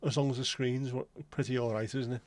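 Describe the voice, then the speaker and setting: A man's voice: medium pitch, fairly even intonation, fast, a little mellow. A man hosting a live stream, chatting casually and teasing his viewers as he reads and answers their comments. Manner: friendly, teasing banter with viewers. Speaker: livestream host.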